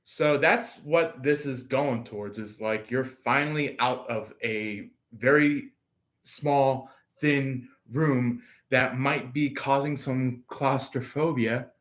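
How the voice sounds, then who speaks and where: A man giving a casual live tarot reading, filling his talk with pauses and acting out the people he quotes. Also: mid-range voice, fairly bright tone. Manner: acts out quoted voices, laughs, filler-heavy. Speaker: tarot reader.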